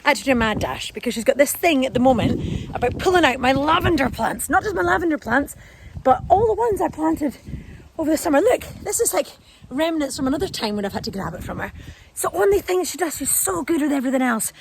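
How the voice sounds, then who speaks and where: A woman in her forties, chatting casually as she walks outdoors with her dog, rambling and calling the dog in a high sing-song. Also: expressive, fast talker, creaky, low-quality recording. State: out of breath. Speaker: lifestyle vlogger. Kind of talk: casual walk-and-talk vlog. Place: outdoors in a garden and field. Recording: outdoor recording with background noise.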